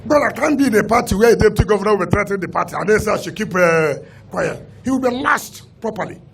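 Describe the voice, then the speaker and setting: Nigerian politician, high gravelly voice, combative and emphatic on-the-record statement. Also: male voice, animated, quick pace. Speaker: state governor and party leader. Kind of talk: press statement.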